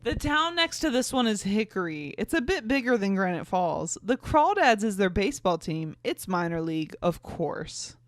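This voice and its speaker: A woman's voice: mid-range voice, sing-song, moderate pace, few pauses. A tipsy young woman from North Carolina, hosting a podcast and reading her teen fanfic aloud with giggly, self-mocking asides. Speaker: podcast host.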